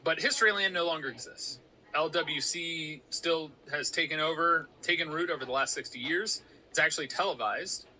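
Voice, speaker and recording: A man co-hosts a relaxed podcast, walking through researched facts in an informative way. His voice is very bright and slightly high. The talk stays casual. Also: normal speed, slight background noise, low-quality recording. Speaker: podcast co-host. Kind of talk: casual chat.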